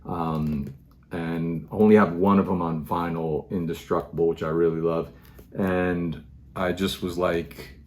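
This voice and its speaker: Low-voiced rambling man showing records. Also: level tone, measured pace, a little mellow. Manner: rambling, many fillers and restarts. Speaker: record collector vlogger. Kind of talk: casual show-and-tell monologue.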